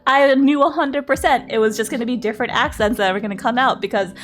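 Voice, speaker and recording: Giggly high-voiced woman streamer. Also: quick pace. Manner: giggly, chatty, laughs often. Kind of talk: casual livestream chat.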